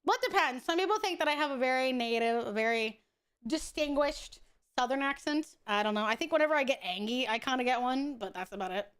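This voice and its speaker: A woman streaming a horror game and joking with friends on a call, swearing freely and laughing loudly. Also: high voice, expressive, a little fast, clean tone. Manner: profane, joking, loud laughs. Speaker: VTuber streamer. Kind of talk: casual gaming stream chat.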